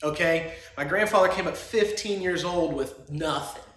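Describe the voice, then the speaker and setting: A man's voice: fairly high pitch, normal speed, fairly bright tone, echoey room. A man hosting a solo podcast, talking in a rambling, crude and opinionated way and laughing often. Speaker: podcast host.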